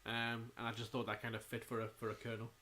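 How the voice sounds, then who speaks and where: A man co-hosting a podcast, chatting casually and throwing in quick jokes. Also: mid-range voice, monotone, bright, forceful tone. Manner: chatty, jokey, quick asides. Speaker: podcast co-host. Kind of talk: casual chat.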